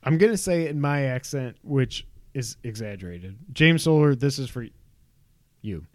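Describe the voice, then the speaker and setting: A man co-hosting a casual gaming podcast, joking around and laughing often, talking in quick bursts. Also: mid-range voice, expressive, darkish tone, dry recording, clean studio sound. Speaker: podcast co-host.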